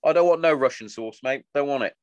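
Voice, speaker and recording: A man's voice: mid-range voice, fast, smooth, no echo. A man chatting casually, swearing often and acting out the stories he tells. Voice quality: sweary, animated storytelling. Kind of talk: casual chat.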